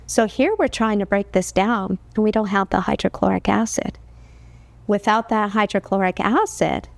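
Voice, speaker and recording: A woman's voice: medium pitch, a little mellow, dry recording. A woman health educator explaining digestion as a talk-show guest, in an earnest, explanatory way with rhetorical questions. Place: television studio.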